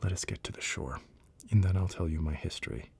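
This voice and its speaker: A man voicing a touchy little mouse in a bedtime storybook reading, in whispered role-play, shrill and indignant. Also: brisk, a little mellow, a little hiss or hum.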